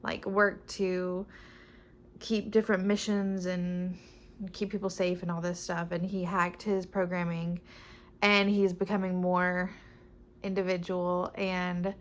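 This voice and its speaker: A woman's voice: fairly low pitch, flat delivery, slow pace. A young woman chatting casually about her books, upbeat and rambling, often restarting her sentences. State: pregnant. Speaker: book vlogger. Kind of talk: casual chat.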